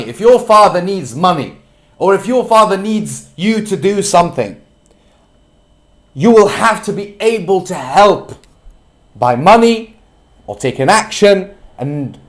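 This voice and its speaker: Earnest young man preaching to camera. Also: on the high side. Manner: earnest, preachy, slow and emphatic, bursts into yelling. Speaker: self-development vlogger. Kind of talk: passionate personal monologue.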